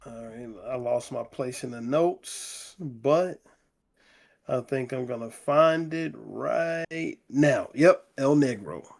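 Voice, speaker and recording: Slow-talking man retelling a novel. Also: medium pitch, gravelly. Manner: slow, conversational retelling with quoted dialogue read in plain voice. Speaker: book club podcast host. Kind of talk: reading and retelling a novel in casual chat.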